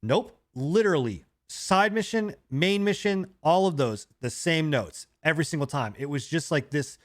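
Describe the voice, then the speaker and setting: A man co-hosting a gaming podcast, ranting in a rambling, animated way with swearing. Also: a little high, moderate pace. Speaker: podcast co-host. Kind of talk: casual gaming podcast chat.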